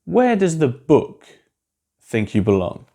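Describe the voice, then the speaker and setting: A man's voice: a little high, wildly swooping pitch, slow, vocal fry, warm tone. A man giving a recorded English lesson to a class, explaining vocabulary in a chatty way with asides and questions to his students. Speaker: English teacher. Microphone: solo recording for a class video.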